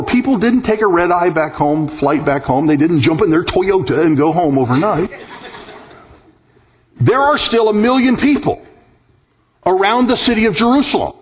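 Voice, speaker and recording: Male pastor, fairly high voice, preaching with lively emphasis and an occasional chuckle. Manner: animated, emphatic preaching with wide pitch swings. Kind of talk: sermon.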